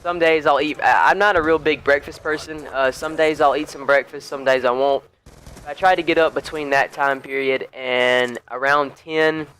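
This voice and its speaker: A man's voice: fairly high pitch, fairly even intonation, moderate pace, fairly bright tone, a little hiss or hum, low-quality recording. A young man chatting casually over gameplay, rambling with lots of fillers and restarts. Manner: laid-back and chatty. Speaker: gaming YouTuber.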